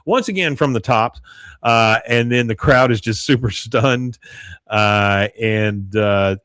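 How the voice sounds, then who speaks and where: A man's voice: mid-range voice, no room sound. A man co-hosting a podcast, recapping a television episode in casual chat with many fillers and acted-out quotes. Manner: halting, many fillers, animated when quoting.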